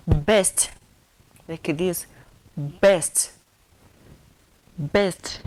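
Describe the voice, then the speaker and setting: Slow, deliberate woman teaching sign words. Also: on the low side, low-quality recording. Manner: slow, repetitive, spelling out words letter by letter; warm, affectionate sign-off to viewers. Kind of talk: sign language lesson.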